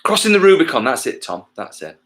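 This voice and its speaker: A touring musician from England talks casually to his livestream viewers between songs, rambling, losing his thread, swearing offhandedly, and making self-mocking jokes. His voice is a little high, fairly bright, very animated, and fairly quick.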